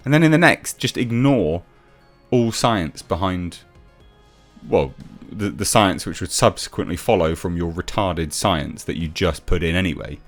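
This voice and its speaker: A man's voice: fairly low pitch, animated, measured pace, fairly bright tone, faint music behind. A man reviewing a TV episode in a sarcastic, exasperated rant, swearing freely. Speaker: TV show reviewer. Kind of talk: ranting video review.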